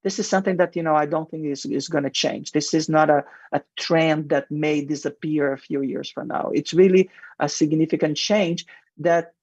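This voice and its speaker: A man's voice: fairly high pitch, steady tone, moderate pace, darkish tone, no room sound, lo-fi sound. A male marketing executive with a heavy non-native accent, answering radio interview questions in an earnest, explanatory way with frequent fillers.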